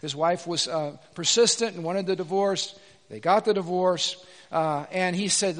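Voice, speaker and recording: A man preaching a sermon as pastor, emphatic, acting out quoted voices and rising to shouts. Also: high voice, unhurried, long reverb tail.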